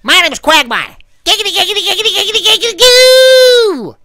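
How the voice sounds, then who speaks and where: A man voicing a shrill, excitable cartoon man in a squealing, stretched-out high voice. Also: fairly quick, no room sound, clean studio sound, exaggerated voice. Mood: lecherous.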